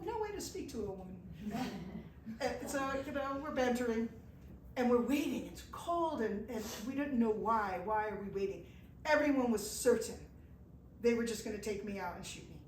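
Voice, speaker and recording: A woman from the United States telling a lively pilgrimage story to a small audience, slipping into the voices of the people she met. Her voice sits fairly high and sounds distant, caught in an echoey room with a light hiss behind it. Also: moderate pace. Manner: animated storyteller, acts out quoted voices, laughs at herself. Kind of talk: live storytelling talk. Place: indoor event room with an audience. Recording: echoey room from far off, faint noise.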